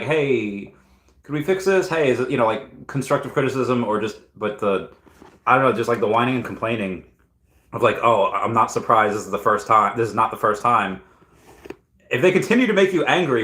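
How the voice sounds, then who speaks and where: Male streamer, lowish voice, chatty and opinionated, frequent coughs, echoey room. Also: a bit bright. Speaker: crypto and collectibles YouTuber. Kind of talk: casual livestream commentary.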